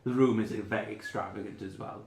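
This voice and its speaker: A man's voice: on the low side, fairly even intonation, a little fast, creaky. Rambling young man running a tabletop game. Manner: rambling, filler-heavy describing. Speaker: dungeon master. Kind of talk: casual narration of a tabletop game. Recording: roomy echo.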